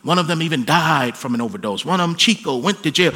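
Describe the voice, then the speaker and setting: A man preaching a sermon, dropping to hushed pleading and then rising into loud, emphatic peaks. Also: fairly high pitch, animated, quick pace, few pauses. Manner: swings from hushed pleading to soaring shouted emphasis. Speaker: pastor.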